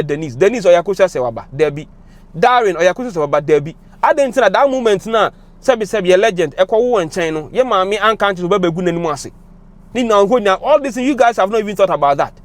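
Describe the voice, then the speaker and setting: A young Ghanaian man speaking with a Ghanaian accent, giving emotional, impassioned commentary that switches between English and Twi. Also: sits high. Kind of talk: passionate commentary to camera.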